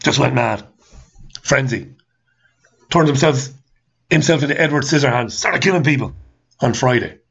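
A man's voice: medium pitch, moderate pace, vocal fry, long pauses, a bit bright, husky. Ranting man, dull audio. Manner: angry, repetitive rhetorical questions, swearing. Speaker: talk show host. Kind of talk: ranting monologue reading listener comments.

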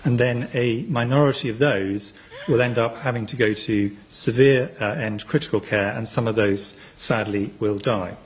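A man explains figures in an earnest, measured way, his voice sitting at a middling pitch. He stays steady and careful as he lays out his point. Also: low-quality recording.

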